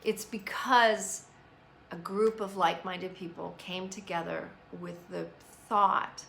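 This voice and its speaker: A woman's voice: lowish voice, fairly even intonation, slow pace, gravelly, fairly bright tone, a little hiss or hum. A woman hosting a live stream, talking earnestly and reflectively about meditation and positive thought, with loose fillers. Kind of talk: casual spiritual self-help talk.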